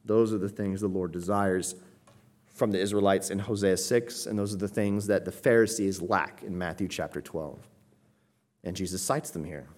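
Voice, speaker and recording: A man's voice: low voice, normal speed, a little mellow. A man teaching through a Bible passage verse by verse, explaining the Greek text and stressing key points with emphasis. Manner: explanatory, emphatic, quotes commentators.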